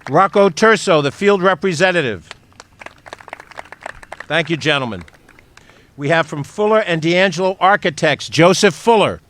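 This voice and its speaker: A man's voice: fairly high pitch, expressive, moderate pace, long pauses, fairly bright tone, a little hiss or hum. A man, a county executive, speaking at an outdoor stadium ceremony, reading out and thanking a list of people. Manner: reads out names and thanks them. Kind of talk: ceremony speech.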